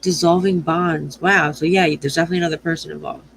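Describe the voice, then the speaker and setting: Giving a channeled astrology reading to her viewers, a tarot and astrology reader rambles, swears freely and keeps stopping to correct herself. She talks fast in a deep, creaky voice with fairly even intonation, against a noisy background.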